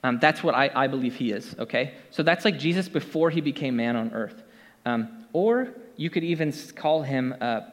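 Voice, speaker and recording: Male pastor, casual chatty sermon, mid-pitched, long hall reverb. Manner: conversational, many fillers and asides to the congregation.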